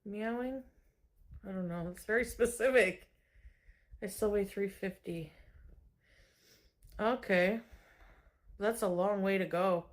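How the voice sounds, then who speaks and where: A woman streaming from home, chatting casually and breaking into high baby talk now and then. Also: unhurried, pauses often. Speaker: livestreamer. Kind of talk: casual livestream chat.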